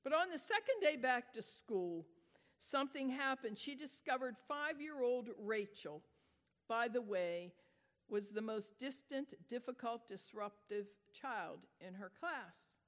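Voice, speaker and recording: A woman delivers a sermon, praying and telling a story in a gentle, reflective way. Her voice sits fairly high and moves at an unhurried pace. It echoes through a large hall with a long reverb. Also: expressive. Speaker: preacher.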